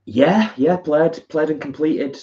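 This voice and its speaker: A man's voice: on the high side, slow, dark tone. A man co-hosting a live stream from his living room, easygoing and agreeable, reading viewer comments with lots of fillers. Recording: dull lo-fi live stream audio.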